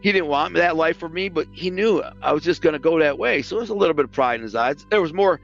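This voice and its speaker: A former mobster from the Detroit area, appearing as a guest, tells stories in a casual, streetwise, animated way, acting out the dialogue. His voice is on the high side and creaky, and he talks fast. The recording is muffled, with soft music in the background.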